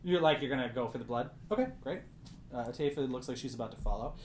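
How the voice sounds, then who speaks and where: A man's voice: mid-range voice, fast talker. A man narrating as game master of a tabletop game, loose and chatty with plenty of fillers. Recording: roomy echo with faint background hiss.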